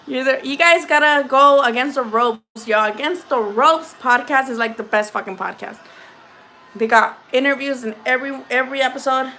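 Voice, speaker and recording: A woman's voice: high-pitched, normal speed, sharp tone. A woman hosting a boxing livestream from home, chatting casually and profanely with viewers and laughing often.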